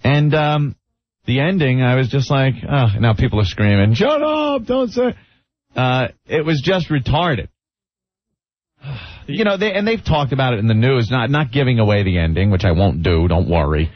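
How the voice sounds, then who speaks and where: A man's voice: mid-range voice, expressive, normal speed. A male radio co-host in casual banter, making sardonic, jokey asides. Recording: dry, muffled lo-fi radio broadcast.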